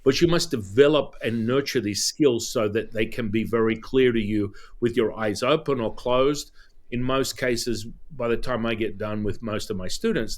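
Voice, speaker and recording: An excitable storyteller: a man at a mid pitch for his sex, speaking as a guest on a podcast. He animates his story by acting out the dialogue and often trips over his own restarts. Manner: excitable storyteller who acts out quoted dialogue; frequent restarts and repeated words. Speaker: guest, Taoist teacher.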